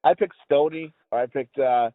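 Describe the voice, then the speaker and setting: Recorded over a dry, tinny phone connection with no room sound, this middle-aged U.S. podcast host speaks at a moderate pace in a mid-range voice. Hanging out with friends, he wanders from topic to topic, cursing constantly and laughing along.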